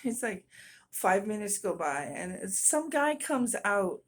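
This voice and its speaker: A middle-aged woman vents about her evening in a casual vlog. She sounds exasperated and lets out nervous laughs, and her voice sits at an ordinary mid pitch. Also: very animated, measured pace. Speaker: vlogger. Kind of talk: casual storytelling rant.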